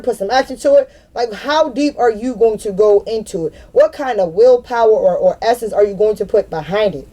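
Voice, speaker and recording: A woman's voice: a little high, mellow. A woman in her thirties venting to camera in a spiritual vlog, blunt and profane, and she repeats herself for emphasis. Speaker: spiritual vlogger. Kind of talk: unscripted venting monologue.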